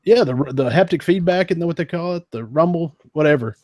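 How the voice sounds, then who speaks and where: A man with a slightly high voice talks a little fast, recorded clean in a studio with no room sound. He's a podcast co-host, a teenager in the late 1990s, chatting casually and enthusiastically about old game consoles, animated and saying "man" and "dude."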